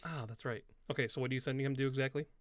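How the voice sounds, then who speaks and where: A man's voice: medium pitch, fairly even intonation, racing. A man narrating a tabletop game as game master, in loose, rambling speech full of fillers.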